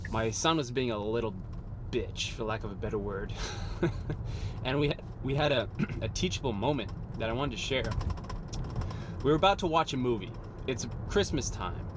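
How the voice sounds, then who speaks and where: A man with a sore throat and a cold coming on tells a story casually to camera, relaxed and chatty. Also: mid-range voice. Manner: relaxed, chatty, addresses viewers as "bro". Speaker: vlogger and father. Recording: street traffic noise behind.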